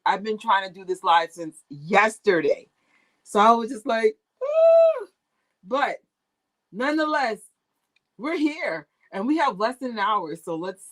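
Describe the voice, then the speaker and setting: Woman host of a casual fan livestream, talkative and lively, quick to laugh, recorded on a tablet mic. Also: fairly high pitch. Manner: chatty, animated, laughs often. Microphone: tablet used as camera.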